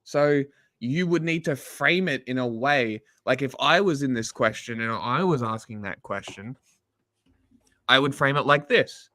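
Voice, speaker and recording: A man co-hosting a livestream who talks about politics casually, swearing freely and sounding sarcastic. His voice sits at an average pitch, and the close mic leaves it dry. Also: a little slow, dry recording. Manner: profane, sarcastic, animated. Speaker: livestream co-host.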